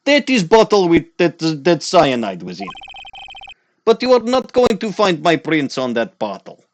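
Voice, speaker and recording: Casting: a man as a bombastic Russian-accented game villain, high and brash, lively swings. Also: a little slow, a little hiss or hum. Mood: blustering. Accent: Russian (put on). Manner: loud, gloating, calls everyone comrade. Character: blustering Russian-accented male villain witness. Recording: faint music behind.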